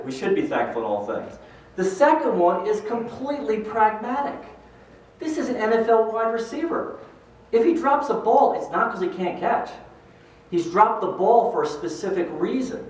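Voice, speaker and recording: An older man giving a motivational talk, telling animated stories and acting out the voices of the people in them. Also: high-pitched. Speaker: speaker at a pro-life event. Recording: echoey hall from far off.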